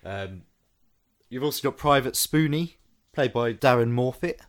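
Brief: male podcast co-host, wry, animated pitch, casual banter. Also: a little slow. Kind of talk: casual film review chat.

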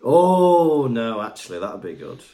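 A man's voice: medium pitch, big pitch swings, a little slow, mellow. A jokey man co-hosting a podcast, his voice rising and falling a lot as he banters. He laughs often and chats casually. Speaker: podcast co-host.

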